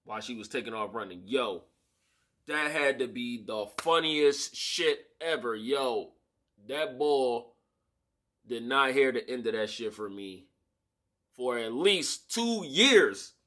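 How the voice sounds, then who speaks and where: A man telling a story in a casual storytime vlog, slangy and animated, acting out the people in the story, recorded on a camera-mounted shotgun mic. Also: mid-range voice, slow pace. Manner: animated, slangy, acts out the voices of people in his stories.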